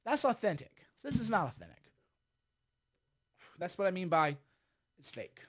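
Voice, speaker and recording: A man's voice: sits high, sing-song, measured pace, a bit bright. A middle-aged man giving blunt, emphatic political commentary on a livestream while smoking a cigar.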